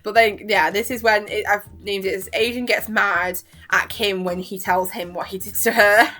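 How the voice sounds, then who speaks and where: A woman's voice: medium pitch, fairly even intonation, normal speed, bright, forceful tone. A young woman vlogger chatting casually and rambling, gushing and giggling as she acts out quotes. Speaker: reaction vlogger.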